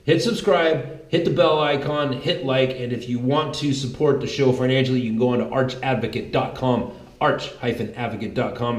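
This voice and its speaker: Guy ranting on his commentary show, worked up and swearing, mid-pitched voice, roomy echo. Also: a little mellow. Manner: fired-up, confrontational, swears freely. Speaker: political commentary show host. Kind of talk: heated political commentary.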